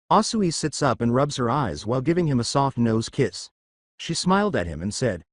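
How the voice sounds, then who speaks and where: A man's voice: mid-range voice, sing-song, normal speed, no room sound. Casual: guy reading a fanfic story, voice goes up and down a lot, super dry close sound. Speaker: narrator.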